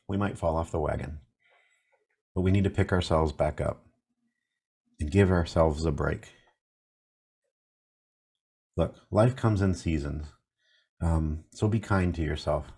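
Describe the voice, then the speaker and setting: A man's voice: sits low, darkish tone, slightly rough. A man in his fifties, a mindfulness coach, giving an earnest reflective talk full of rhetorical questions and repeated key phrases. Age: 50s.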